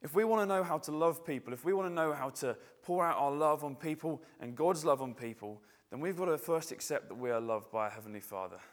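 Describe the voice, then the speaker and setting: A man's voice: on the high side, expressive, quick pace, few pauses. A male preacher giving a conversational, reflective sermon, often restarting his phrases.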